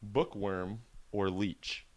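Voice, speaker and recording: A man's voice: lowish voice, steady tone, extremely slow, darkish tone, no room sound. A man co-hosting a podcast, chatting casually over a card game in a teasing, sarcastic way. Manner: teasing, sarcastic, laughs often. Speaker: podcast co-host.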